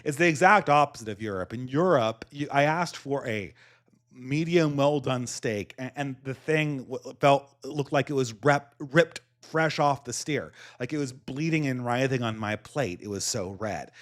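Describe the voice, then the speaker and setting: A man's voice: mid-range voice, normal speed, a bit bright. A man with a Californian accent and a slight lisp, telling rambling stories with many restarts as a podcast host. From United States. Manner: rambling storytelling with many restarts and frequent laughs. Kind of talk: casual chat.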